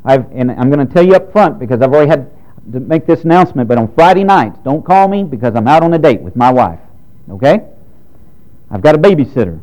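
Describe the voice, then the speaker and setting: A man's voice: mid-range voice, animated, quick pace, dark tone, rough recording. A man in his thirties preaching a sermon to his congregation, direct and frank, with strong emphasis. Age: 30s. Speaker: pastor.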